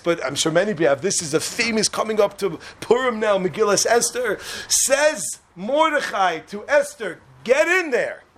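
A man with a high, bright voice rushes through a religious lesson, jumping into the voices of the people he quotes. He keeps throwing questions at the students in the room, with a faint hum underneath. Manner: animated, quick, acts out quotes and quizzes listeners. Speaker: religious teacher. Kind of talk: Torah class to students.

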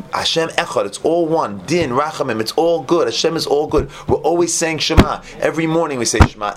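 A man giving an animated sermon on faith, repeating his points and telling stories to a live audience. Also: medium pitch. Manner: animated, repetitive, storytelling preacher. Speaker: Torah teacher.

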